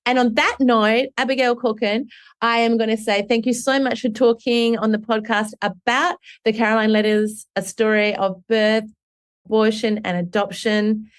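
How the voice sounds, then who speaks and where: A woman hosting a podcast interview, effusive and quick, with stumbling restarts. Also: a little high, flat delivery, clean tone. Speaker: podcast host. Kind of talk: casual interview chat.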